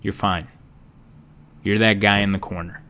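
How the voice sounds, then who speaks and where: A young man chats through his solo comedy podcast in a loose, rambling way. His delivery is jokey and sarcastic, with his voice jumping high and loud, then dropping low and quiet as he riffs. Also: little pitch movement, unhurried. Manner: wide swings in pitch and loudness. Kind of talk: casual solo podcast monologue.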